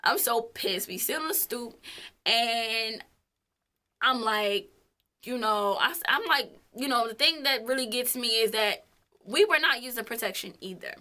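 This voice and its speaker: Young woman, bright higher voice, blunt storyteller who swears and laughs a lot. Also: expressive, a little slow. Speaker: co-host of a couple's vlog. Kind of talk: casual storytelling chat.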